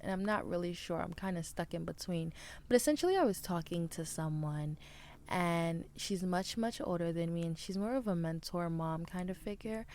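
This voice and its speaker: A woman's voice: fairly low pitch, moderate pace, a little mellow. A woman in her twenties hosting a solo podcast, talking candidly and emphatically in casual slang. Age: 20s. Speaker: podcast host. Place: indoors, planes heard overhead.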